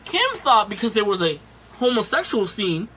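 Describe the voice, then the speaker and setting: A man's voice: high-pitched, very animated, moderate pace, noisy background. A man ranting in casual podcast chat, swearing constantly as he complains. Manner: profane, ranting. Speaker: podcast guest.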